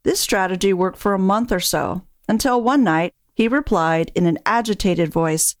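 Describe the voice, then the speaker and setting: A woman narrates in a calm, measured way as a dementia care coach. Her voice sits at a middle pitch. The recording is close and dry, with no room sound. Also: no echo. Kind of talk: scripted narration.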